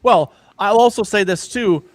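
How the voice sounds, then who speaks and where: A man's voice: sits high, normal speed. A man hosting a sports betting podcast in casual chat, rambling and joking, laughing often. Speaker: podcast host.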